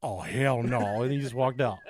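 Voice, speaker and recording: A man's voice: mid-range voice, moderate pace, darkish tone. A man co-hosting a podcast, telling a true-crime story and chatting casually, swearing and laughing at his own jokes. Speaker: podcast co-host.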